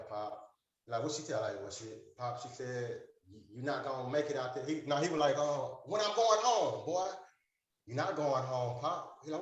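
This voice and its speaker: The recording is echoey and dull, carrying a man's fairly high voice. He's a support group member telling a long, rambling personal story packed with fillers, acting out the dialogue as he recalls it.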